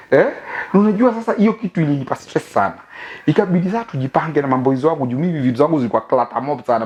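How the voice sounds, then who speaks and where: A man's voice: on the high side, darkish tone, dull audio. A young Kenyan man hosting a comic monologue, mixing English and Swahili slang and laughing often. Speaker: host. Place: living room of a new house.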